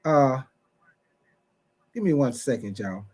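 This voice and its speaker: A man's voice: medium pitch, sing-song, slow, a little mellow. A man hosting a casual sports talk livestream, chatty and repetitive, calling out viewers from the chat by name. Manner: chatty, repeats phrases, talks straight to chat viewers by name; playful mock-preacher asides.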